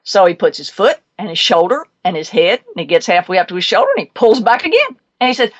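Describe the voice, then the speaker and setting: A woman hosting a talk show, telling a pet psychic story in an animated, emphatic, chatty way. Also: mid-range voice, fast, dull audio.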